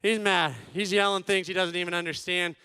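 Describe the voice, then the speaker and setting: A man in his thirties telling funny stories to a conference crowd, acting out quotes and swinging from loud bursts to hushed tones. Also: sits high, steady tone, a little fast, smooth, dry recording. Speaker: conference speaker. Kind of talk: comedic storytelling talk.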